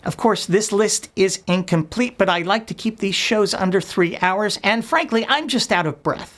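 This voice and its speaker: A woman's voice: medium pitch, normal speed, hardly any pauses. A woman hosting a web show, delivering a scripted satirical rant in a sarcastic, scornful, blunt manner. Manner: blunt, profane.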